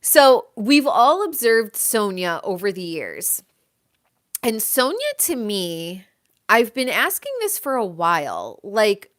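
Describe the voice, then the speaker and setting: A woman's voice: medium pitch, big pitch swings, slow, fairly bright tone. Chatty woman gushing over reality TV. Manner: gushing, chatty, laughs often. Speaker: host. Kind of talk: casual chat about reality TV.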